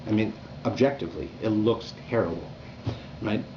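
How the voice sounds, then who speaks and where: A rabbi teaching a Torah class in a conversational, animated way, often checking in with "right?". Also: male voice, fairly low pitch, moderate pace. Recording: dull lo-fi recording with faint room noise.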